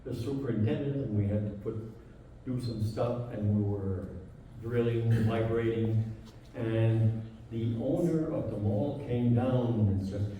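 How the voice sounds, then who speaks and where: A man's voice: medium pitch, steady tone, a little slow, lo-fi sound, a little hiss or hum. A man with a French accent, a native French speaker, giving a spiritual talk in a church and reading quotes aloud with feeling. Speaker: guest speaker. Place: large church hall. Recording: echoey hall, speaker far from mic.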